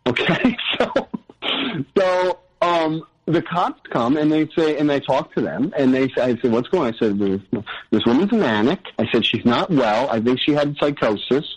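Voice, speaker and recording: A man's voice: mid-range voice, lively intonation, normal speed, husky, low-quality recording. A man telling his own story in a casual, earnest way, rambling with many restarts and tangents. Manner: earnest, frequent "you know".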